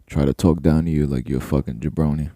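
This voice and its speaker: A man co-hosting a podcast, asking questions in a slow, drawn-out casual way. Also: very deep voice, fairly even intonation, dark tone, dry recording, clean studio sound. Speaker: podcast co-host. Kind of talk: casual chat.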